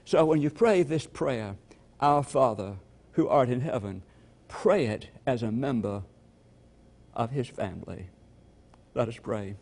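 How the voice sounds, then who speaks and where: An older man from Georgia preaches in an unhurried storytelling cadence. His voice is gravelly, with a mid-range pitch for a man. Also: animated, a little mellow. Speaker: pastor. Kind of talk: sermon.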